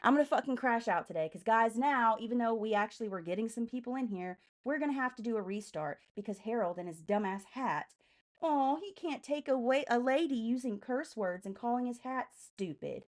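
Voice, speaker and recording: A woman's voice: fairly high pitch, expressive. A young woman live streaming, ranting about politics in a heated, enraged voice full of swearing. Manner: heavy swearing, fast and heated. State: enraged, agitated.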